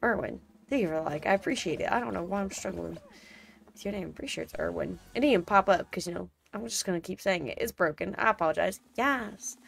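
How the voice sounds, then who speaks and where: A young woman streaming a game, reacting loudly, complaining about the levels and thanking viewers in chat. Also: on the low side, fast, creaky. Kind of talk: casual live-stream gameplay chat. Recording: faint game music behind.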